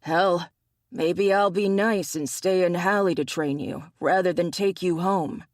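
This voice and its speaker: Narrator doing a teasing shifter hunter guy, dry and needling, slow drawl. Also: high voice, fairly even intonation, no echo. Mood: insistent. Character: older male bear-shifter hunter, wry and teasing.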